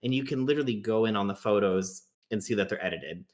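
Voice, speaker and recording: A man appearing as a guest commentator on a live stream, explaining in an animated, emphatic way. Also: fairly low pitch, quick pace. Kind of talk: casual commentary chat.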